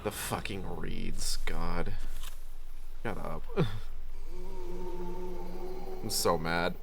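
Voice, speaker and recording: A man's voice: deep voice, steady tone, slow pace, vocal fry, noisy background. Swearing, frustrated young man streaming a game. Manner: frustrated, swearing, sarcastic muttering. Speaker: streamer playing a horror game. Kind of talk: casual live-stream commentary.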